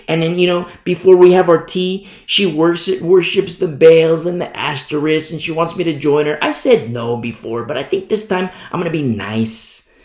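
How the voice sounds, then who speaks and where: A man's voice: fairly high pitch, moderate pace, darkish tone. Male preacher, sermon, emphatic, repeats "you see", reverberant room. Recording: echoey room.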